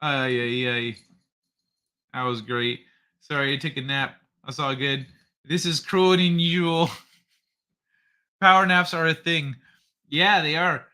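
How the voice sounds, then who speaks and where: Bright-voiced man chatting on a livestream. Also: fairly high pitch. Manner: loose and profane, reads chat aloud and laughs often. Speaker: livestream host. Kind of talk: casual livestream chat.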